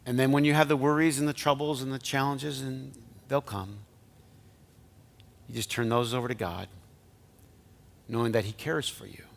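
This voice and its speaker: A male pastor giving a conversational sermon, now and then dropping to soft, near-whispered lines. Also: mid-range voice, steady tone, moderate pace, creaky, pauses often.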